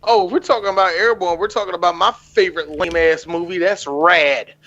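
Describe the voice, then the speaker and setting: A man's voice: high voice, a little fast, highs cut off. A man co-hosting a casual movie podcast, joking, laughing and acting out scenes. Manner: animated, laughing, acts out movie lines in loud voices. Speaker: podcast co-host.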